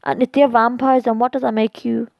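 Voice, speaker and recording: A woman's voice: on the high side, little pitch movement, a little fast, gravelly, a little mellow, dry recording. A woman doing an anxious young college girl. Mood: wary. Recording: dull lo-fi, dry.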